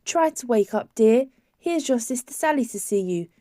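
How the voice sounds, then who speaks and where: A woman puts on a kindly hospital nurse, brisk and coaxing, her voice set higher and brighter than the narration. The recording is close and dry. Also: expressive, dry recording, close to an everyday voice. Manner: coaxing, raised voice.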